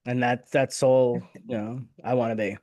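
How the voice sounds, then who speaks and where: A man's voice: mid-range voice, little pitch movement, normal speed, darkish tone. A middle-aged man, a victim advocate and interview guest, talking candidly and from the heart, often repeating words as he searches for them. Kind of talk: casual conversation.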